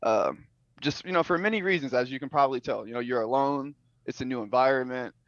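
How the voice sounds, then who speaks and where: A young man and former soldier, a guest telling his story in a relaxed, laid-back way with many fillers, heard over a call. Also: mid-range voice, fast, no room sound. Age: young adult. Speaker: guest streamer. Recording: dull lo-fi call audio.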